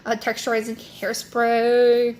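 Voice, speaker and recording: Young woman, beauty vlogger, casual rambling chat, lots of fillers, slightly high pitch, faint background noise. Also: monotone, slow pace, a little mellow. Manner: rambling, filler-heavy, self-correcting.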